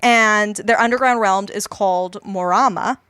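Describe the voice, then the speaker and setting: A woman's voice: mid-range voice, normal speed, fairly bright tone, clear, resonant tone. A woman co-hosting a podcast, chatting casually about a film and explaining myths with lots of asides. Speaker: podcast co-host.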